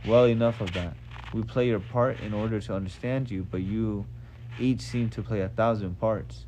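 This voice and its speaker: A man's voice: fairly low pitch, steady tone, moderate pace, mellow, a little hiss or hum, natural voice, low-quality recording. A man reading aloud, voicing an earnest, curious male alien who questions humans.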